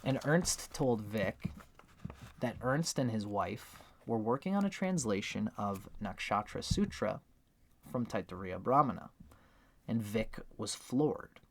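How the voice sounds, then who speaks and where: A man teaching astrology in a casual, conversational spoken book review, acting out his examples as he goes. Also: lowish voice.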